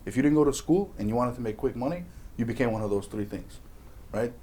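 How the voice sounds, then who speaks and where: A man co-hosting a casual chat, relaxed and repeating words as he thinks aloud. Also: mid-range voice, quick pace.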